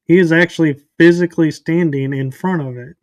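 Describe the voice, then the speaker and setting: Man, podcast host, higher voice, dry close sound, thoughtful casual chat. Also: fairly even intonation, a little fast, no echo.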